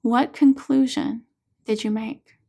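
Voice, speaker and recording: A woman reading as a calm female hypnotherapist, guiding gently in a fairly high voice. Her pace is slow and unhurried, soothing throughout. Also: slightly rough, full character voice. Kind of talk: audiobook character reading.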